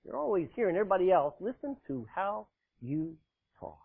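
Pastor, man, emphatic preacher with a husky, high, swooping voice, captured on a thin, phone-like recording. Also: big pitch swings, brisk. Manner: forceful, emphatic preaching with sudden loud bursts and dramatic drops; laughs often, jokes with the congregation. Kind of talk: sermon. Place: church, live congregation. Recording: tinny phone-like sound.

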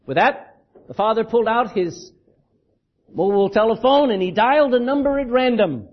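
A man's voice: extremely high pitch, expressive, normal speed. A man preaching a sermon as pastor, talking conversationally and telling a joke as he goes, in a church. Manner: conversational, storytelling, repeats words. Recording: dull lo-fi recording.

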